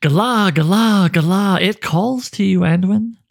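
A man's voice: medium pitch, expressive, a little slow, darkish tone, breathy edge. A man voicing a sinister hooded cave creature that taunts and tempts in a hissing whisper.

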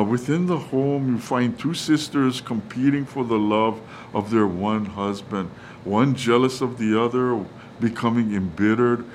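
A man's voice: mid-range voice, slight background noise, poor audio. A man preaching a sermon, reading Bible verses with many fillers and restarts. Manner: reads verses and acts out quotes casually. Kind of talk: sermon on Scripture.

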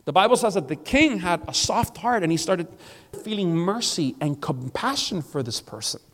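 A pastor from South Florida preaching a sermon as a relaxed, conversational story. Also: male voice, high-pitched, normal speed. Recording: long hall reverb.

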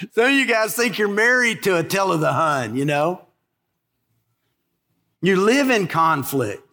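A pastor preaching a sermon in a folksy, conversational way, driving points home with emphatic repetition. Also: male voice, high-pitched, big pitch swings, measured pace, long pauses, bright, forceful tone.

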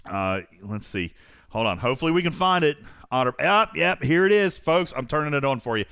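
Excitable, animated male podcast host. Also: a little high, brisk, clean tone, no echo, clean studio sound. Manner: playful, excitable, teasing. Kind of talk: casual podcast chat.

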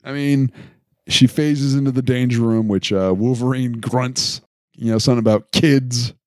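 Steady man recapping a story. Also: medium pitch, normal speed, no room sound, clean studio sound. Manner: steady, recaps events plainly with some fillers. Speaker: podcast co-host. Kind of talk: casual chat, recapping an episode.

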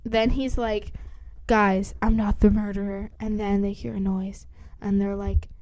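A woman casually retelling a story in a chatty way, full of fillers and quick acted-out lines. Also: medium pitch, little pitch movement, a little mellow, no echo. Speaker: storyteller retelling a book plot.

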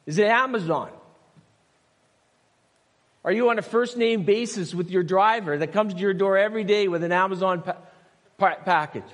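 Older man, pastor, chatty storytelling sermon, slightly high voice, long church reverb. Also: moderate pace, pauses often. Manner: storytelling with asides and rhetorical questions. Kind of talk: conversational sermon. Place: church sanctuary.

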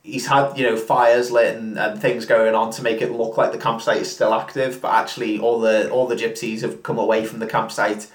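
Guy with a lowish voice telling a film plot, lots of ums and swearing, echoey room. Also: little pitch movement, fairly quick, hardly any pauses. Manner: rambling, sweary, filler-heavy. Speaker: podcast co-host retelling a film. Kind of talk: casual drunken chat.

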